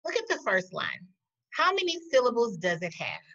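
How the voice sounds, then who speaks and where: Teacher, woman, slow deliberate classroom delivery, lively pitch, muffled recording. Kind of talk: recorded poetry lesson. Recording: dull lo-fi audio.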